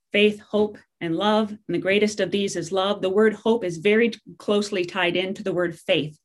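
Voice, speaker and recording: A middle-aged woman preaches in a loose, conversational way. She jokes and slips in fillers and asides as she goes, the way a pastor sounds when talking to her own people. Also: medium pitch. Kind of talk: sermon.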